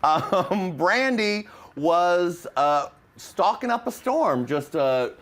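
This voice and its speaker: A man's voice: sits high, lively intonation, slow pace, fairly bright tone. A man hosting a casual TV recap chat, gossipy and catty as he runs through the episode. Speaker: host.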